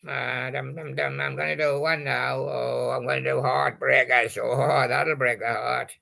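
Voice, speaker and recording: A man's voice: medium pitch, little pitch movement, a little slow, creaky, pushed and bright. A male host making playful, punning patter about old song titles and chuckling at his own jokes.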